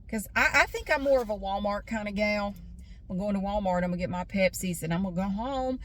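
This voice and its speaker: A woman vlogger in casual chat, rambling and irritated, with fillers and restarts, talking from a parked car outside a store. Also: a little high.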